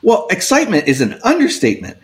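A man hosting a children's story podcast, lively and inviting. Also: high voice, fast. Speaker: podcast host.

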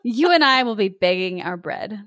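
A woman's voice: medium pitch, lively intonation, normal speed, a bit bright, no room sound, studio quality, lightly acted. A woman voicing a worried, unlucky male farmer who sounds gloomy and wary.

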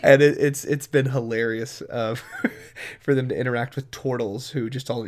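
Here a game master and podcast co-host keeps up an enthusiastic, filler-heavy chat about tabletop game running. The medium-pitched voice holds a fairly even intonation and moves at a moderate speed.

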